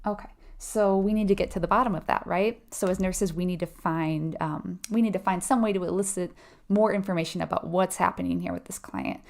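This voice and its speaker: Woman, nursing exam tutor, slightly gravelly voice, chatty, conversational. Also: on the low side, fairly even intonation, a little fast, a little mellow. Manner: casual and conversational, frequent "um" and "right?"; acts out short quoted replies with a laugh. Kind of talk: explaining exam questions.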